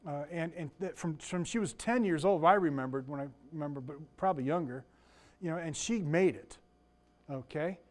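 A man's voice: fairly high pitch, moderate pace. An older man giving an informal sermon as a pastor, rambling and digressive with frequent restarts and asides.

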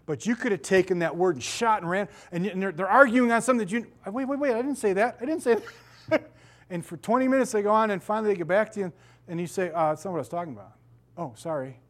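Animated middle-aged man preaching a sermon. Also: high-pitched, very fast. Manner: animated storytelling, acts out quoted voices, laughs often. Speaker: pastor.

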